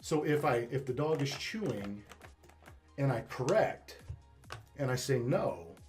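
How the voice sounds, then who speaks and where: A man's voice: medium pitch, big pitch swings, measured pace, darkish tone, faint music behind. Emphatic, profane male dog trainer. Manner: emphatic, profane, repeats words when restarting. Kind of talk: casual interview chat.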